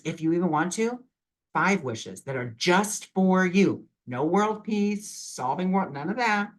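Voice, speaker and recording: Fairly high and fairly bright, this man's voice carries a laid-back motivational vlog on imagination, sincere and supportive. He's a vlogger and spiritual reader who rambles with constant "you know" fillers over a rough recording.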